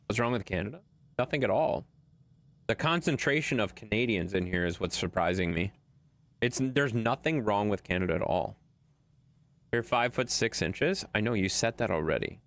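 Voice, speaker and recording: A male game streamer from Wisconsin talks to his viewers as he plays. He is blunt, swears freely and argues with chat. His voice is animated and swings widely in pitch.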